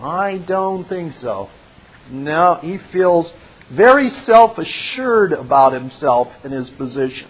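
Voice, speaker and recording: Brief: high-voiced male commentator, slow and deliberate, dull lo-fi recording. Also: animated. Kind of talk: retelling a film scene with commentary.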